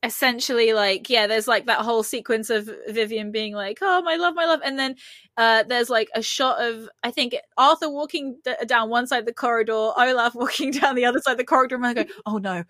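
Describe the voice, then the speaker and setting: Woman co-host, fairly high voice, dry close mic, giggly and animated recapping. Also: fairly quick, no room sound. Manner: giggly, animated, acts out quoted lines. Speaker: podcast co-host. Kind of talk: casual chat about a TV episode.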